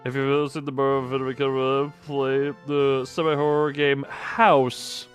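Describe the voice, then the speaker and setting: A man streaming live, chatting casually while gaming, excitable and rambling with mild swearing and frequent laughs. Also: mid-range voice, normal speed, soft background music.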